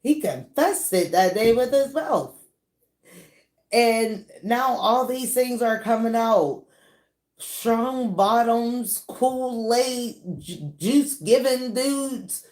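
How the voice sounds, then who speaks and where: A woman with a lilt talks through celebrity gossip in a loose, animated way, laughing often. She stretches out her words at an unhurried pace. Her voice rings in a noticeably echoey room. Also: on the high side. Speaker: celebrity gossip channel host. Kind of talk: casual commentary.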